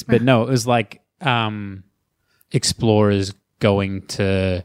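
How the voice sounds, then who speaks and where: A man's voice: mid-range voice, unhurried, dry recording. Chatty man with a dry close sound. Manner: chatty, laughs often, hedging with "like". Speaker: podcast host. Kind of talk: casual chat.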